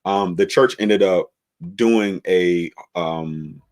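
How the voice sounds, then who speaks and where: A man, a pastor, telling the story of his church's beginnings in a relaxed conversational way, with many fillers and restarts. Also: low voice, very slow.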